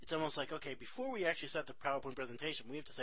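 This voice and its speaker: A man's voice: fairly high pitch, expressive, no room sound, muffled recording. A man, hosting a casual chat and cracking jokes. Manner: joking, chatty, quick asides.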